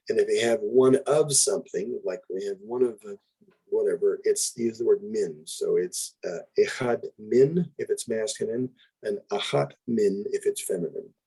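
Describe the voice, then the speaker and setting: A man's voice: fairly low pitch, creaky, warm tone, husky, low-quality recording. A man teaching a casual Hebrew lesson, explaining words step by step, repeating them and correcting himself as he goes. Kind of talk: informal grammar and vocabulary lesson.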